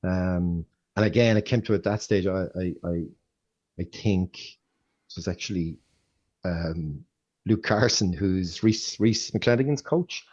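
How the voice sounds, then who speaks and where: A middle-aged Irish man with a low, husky voice tells coaching stories in a loose, rambling way, often circling back to restart his sentences. The recording is slightly dull and lo-fi. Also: slow pace, a little mellow. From Ireland. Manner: rambling storyteller who restarts often and acts out quotes. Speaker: athletics coach. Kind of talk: casual interview.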